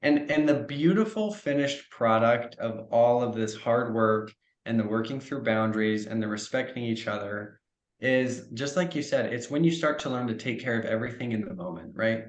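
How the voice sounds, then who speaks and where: A man talks through relationship advice in a podcast chat, earnest and reflective. He slips into short example dialogues to make his point. His voice sits at a middle pitch and rings in an echoey room. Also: normal speed, highs cut off. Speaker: trauma coach, podcast guest. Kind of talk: conversational podcast interview.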